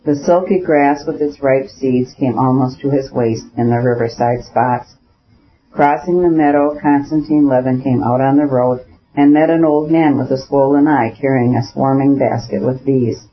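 Male audiobook narrator, steady and measured, mid-pitched; dull lo-fi sound. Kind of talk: scripted narration. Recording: dull lo-fi recording.

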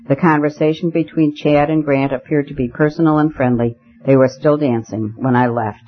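A man narrating a story in a measured, even way as an audiobook reader. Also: fairly high pitch. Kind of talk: scripted narration. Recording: muffled lo-fi recording.

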